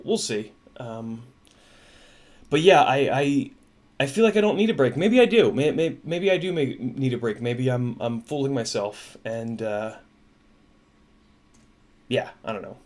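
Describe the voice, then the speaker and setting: A man hosting a casual livestream, talking in a halting, emotional way with many restarts. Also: mid-range voice, a little mellow. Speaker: livestream host.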